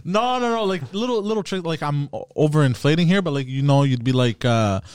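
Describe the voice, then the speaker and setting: A man's voice: fairly high pitch, animated, fairly quick, clean tone, no echo, clean studio sound. A man in casual podcast chat, telling stories from his old job in a hesitant, earnest way. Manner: hesitant, full of fillers and restarts, earnest.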